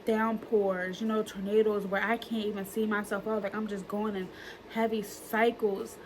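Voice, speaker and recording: A woman's voice: mid-range voice, level tone, moderate pace, slight background noise, rough recording. A woman, talking in an earnest, emotional way in a personal reflection vlog, using plenty of fillers and repeating herself. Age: early 30s. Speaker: vlogger.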